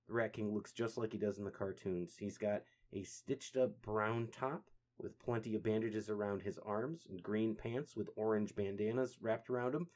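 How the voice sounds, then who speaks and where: A man's voice: lowish voice, fairly even intonation, moderate pace, hardly any pauses, a little mellow. A man hosting a podcast, casually narrating a comic book story. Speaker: podcast host.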